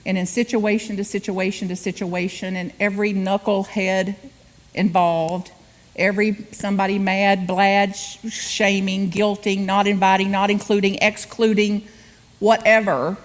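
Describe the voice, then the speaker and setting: A woman's voice: mid-range voice, flat delivery, a little slow. A woman guest speaker giving a humorous spiritual sermon in a church, acting out quotes and laughing often. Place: church sanctuary.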